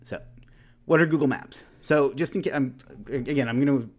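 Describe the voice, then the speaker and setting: A man in his late thirties hosts a casual webinar, speaking at medium pitch and normal speed over slight background noise. He talks loosely with restarts, dropping joking, self-deprecating asides.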